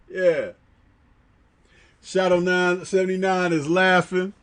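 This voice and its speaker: A man's voice: high-pitched, fairly bright tone. A man hosting a livestream, reading chat aloud and reminiscing in slangy casual talk, laughing often.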